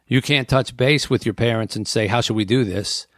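A man's voice: mid-range voice, normal speed, fairly bright tone, no echo, clean studio sound. A man hosting a talk show on air, speaking earnestly and acting out inner voices as he lists points. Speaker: radio talk show host.

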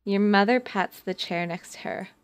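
A young woman hosting a podcast reads an interactive story aloud at normal speed in a medium-pitched voice. She's giggly, reading the narration and then joking with her friends between passages, in a casual mix of reading and banter.

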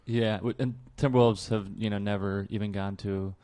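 Easygoing low-voiced male guest. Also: steady tone, moderate pace, warm tone. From Minnesota. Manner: easygoing, laughs often, self-deprecating. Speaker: podcast guest, comedian. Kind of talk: casual podcast chat.

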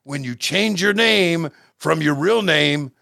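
A man co-hosting a podcast, chatting casually in a jokey, rambling, halting way. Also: a little high, expressive, creaky, sharp tone, no echo, clean studio sound. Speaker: podcast co-host. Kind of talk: casual chat.

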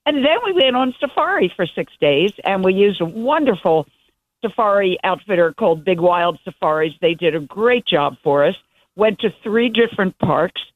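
A woman's voice: medium pitch, lively intonation, moderate pace, no echo. An older woman, a guest journalist, telling stories enthusiastically in a casual interview over the phone. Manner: enthusiastic, meandering storytelling. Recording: dry tinny phone line.

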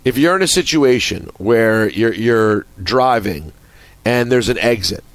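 A man co-hosting a radio show in casual banter, expressive and probing with exasperated asides. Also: lowish voice, measured pace, no room sound. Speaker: radio co-host.

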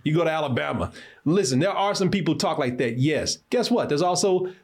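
A man's voice: on the high side, lively intonation, brisk, a little mellow. A man from Texas with a Texan accent, hosting a podcast in casual chat, blunt and profane, often restarting his sentences. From Waco, Texas. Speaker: podcast host.

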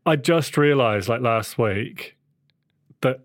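A man's voice: mid-range voice, slow pace, no echo. Hesitant young man, dry close sound. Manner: hesitant, many fillers and restarts. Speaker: podcast co-host. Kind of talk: casual chat.

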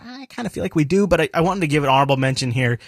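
Slightly high-voiced man in his thirties. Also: animated, racing, no echo, studio quality. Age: 30s. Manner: thoughtful, hesitant, with many restarts. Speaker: podcast co-host. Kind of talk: casual chat, reading listener mail.

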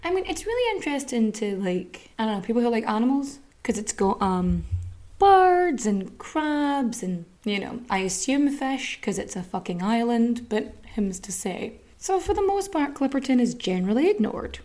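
Woman, podcast host, casual swearing, sarcastic, lively storytelling, slightly high voice. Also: normal speed.

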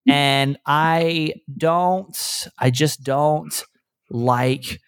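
A man's voice: fairly high pitch, steady tone, extremely slow, smooth, no echo, studio quality. A middle-aged man, a radio host, chatting casually in a rambling, self-deprecating way with many restarts. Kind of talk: casual chat.

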